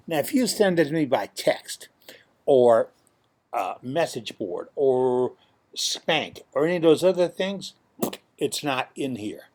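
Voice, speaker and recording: A man's voice: mid-range voice, big pitch swings, slow, darkish tone. A man hosting a woodturning club video, talking in a folksy, emphatic way and repeating his points. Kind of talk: casual video announcement.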